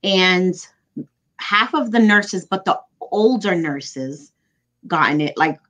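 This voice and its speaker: A woman in her forties co-hosting a casual chat, tossing in quick quips and short agreements. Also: fairly low pitch, lively intonation, fairly bright tone. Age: 40s.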